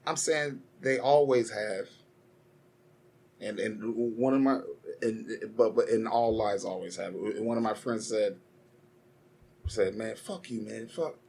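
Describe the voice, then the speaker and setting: A man's voice: lowish voice, fairly even intonation, slow pace, gravelly, long pauses, a little mellow, slightly rough. A young man co-hosting a casual podcast, rambling and swearing as he argues and tells stories. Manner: profane, rambling, heated storytelling. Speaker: podcast co-host.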